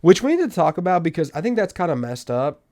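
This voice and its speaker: Animated young New man telling stories. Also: quick pace. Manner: animated, swings from loud outbursts to low mutters. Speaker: podcast host. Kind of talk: casual storytelling monologue.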